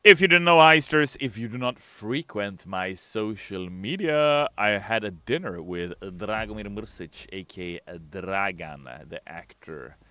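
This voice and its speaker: Man, low voice, forceful, livestream chat host, reads messages out loud, playful asides. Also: lively intonation, unhurried, few pauses, no room sound. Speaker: game community streamer.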